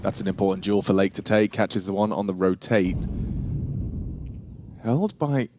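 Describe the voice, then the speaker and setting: A man calling esports play-by-play in an excitable, playful way. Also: fairly low pitch, normal speed, heavy background noise. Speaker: esports caster. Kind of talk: play-by-play commentary. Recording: gunfire and game sounds behind.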